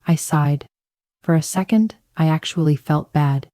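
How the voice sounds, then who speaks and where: A woman tells a dramatic first-person story in a low, mellow voice. The recording is dry and close, with no room sound. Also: fairly even intonation, normal speed, no echo. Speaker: narrator.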